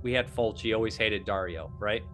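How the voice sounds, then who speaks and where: A man's voice: fairly low pitch, a little fast, a bit bright, soft background music. A man hosting a podcast, talking in a rambling, profane, laughing way. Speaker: podcast host. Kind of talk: casual chat.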